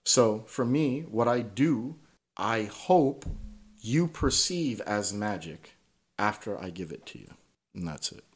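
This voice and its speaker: A man's voice: lowish voice, expressive, slow pace, husky. A man telling stories as a podcast guest in casual conversation, swearing freely and tagging his points with "right?".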